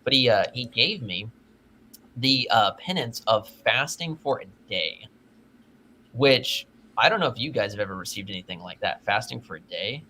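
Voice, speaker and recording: A man's voice: medium pitch, expressive, sharp tone, slight background noise. Earnest man explaining his faith. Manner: earnest, explanatory, with quick restarts. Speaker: podcast guest. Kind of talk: casual panel chat. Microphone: video call.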